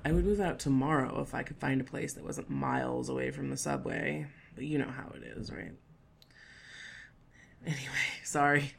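A young woman in a whispered role-play who speaks in a teasing, playful and bossy way, slipping between hushed whispers and soft murmurs. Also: deep voice, gravelly, breathy edge. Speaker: audio role-play performer.

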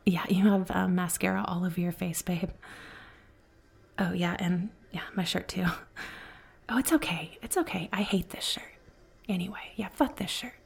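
A woman voicing a flirty, caring female bartender in a whispered role-play, speaking softly, slowly and soothingly, with a teasing edge. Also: fairly low pitch, fairly even intonation, creaky, slightly rough. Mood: tender. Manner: soft, slow, soothing, teasing.

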